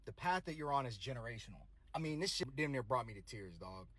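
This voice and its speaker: A man's voice: medium pitch, sing-song, fast talker, fairly bright tone, dry recording. A man in his thirties earnestly and casually telling a personal motivational story.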